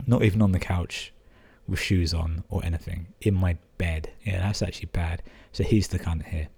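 Young English man, podcast host, very low voice, husky, swears a lot, sarcastic asides. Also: fairly even intonation, normal speed, dark tone. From England. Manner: sweary, sarcastic running commentary. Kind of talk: casual podcast reading listener emails.

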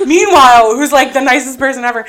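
A woman's voice: medium pitch, normal speed, a little hiss or hum, poor audio. A woman co-hosting a podcast, telling a story in casual chat, full of "like" and "um" and laughing as she goes. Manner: animated storyteller, frequent "like" and "um"; laughs through her anecdotes. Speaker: podcast co-host.

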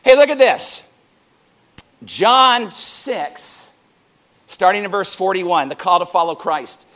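A man's voice: high voice, animated, slow, fairly bright tone. A middle-aged man preaching a sermon as pastor, playful and joking between points.

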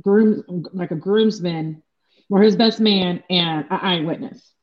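A woman's voice: fairly low pitch, slow, lo-fi sound. A woman co-hosting a podcast, telling a story in a casual way and often laughing. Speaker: podcast co-host.

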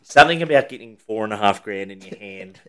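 A man's voice: on the low side, expressive, quick pace, crowd noise. An Australian man chatting casually on a podcast, telling stories and acting out the people in them. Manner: laid-back, swears, acts out quoted lines. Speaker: podcast co-host. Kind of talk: casual chat, storytelling.

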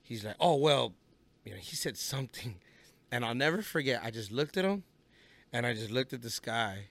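A man's voice: medium pitch, lively intonation, fairly quick, fairly bright tone, no echo. A man, a rapper guest on a podcast, telling stories in a loose, profane way and acting out the people he quotes. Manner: storytelling, profane, acts out quoted voices. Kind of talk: casual podcast interview.

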